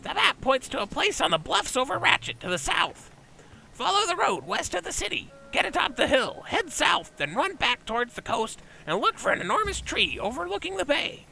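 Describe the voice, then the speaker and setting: A man voicing a greedy, scheming male goblin smuggler boss over game audio, with a raspy, nasal, theatrical delivery. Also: very high voice, very animated, normal speed, pushed and bright, a little hiss or hum, pitched above the performer's own voice, exaggerated voice, rough recording.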